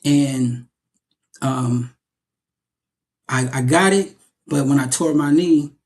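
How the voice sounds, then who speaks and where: A young adult man, an actor, telling stories in a casual interview, animated and often repeating his words as he goes. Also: mid-range voice, takes it slowly.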